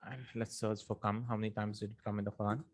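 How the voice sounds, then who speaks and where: A man's voice: fairly low pitch, flat delivery, fast, darkish tone, dry recording. Man teaching Arabic grammar on a close mic. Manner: explains step by step, mixing Arabic terms into English, asks the listener "right?". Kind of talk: online grammar lesson.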